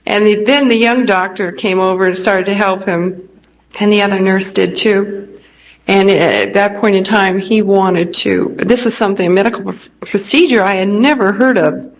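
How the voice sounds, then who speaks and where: A woman from California giving an earnest, unhurried personal testimony, pausing often with hesitations. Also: medium pitch, poor audio. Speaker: speaker recounting a near-death experience. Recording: restored old recording with faint noise.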